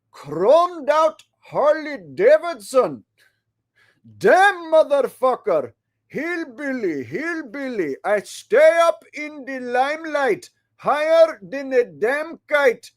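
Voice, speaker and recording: A man putting on an Indian accent to voice a crude, boastful male hillbilly rapper, half-singing and half-reading the lines slowly. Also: very high voice, voice pushed up, heavily acted. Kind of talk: half-sung rap reading.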